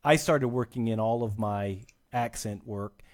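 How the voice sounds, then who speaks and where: A man's voice: lowish voice, measured pace. A man chatting as a podcast guest, rambling and self-deprecating, often restarting his sentences. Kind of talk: casual chat.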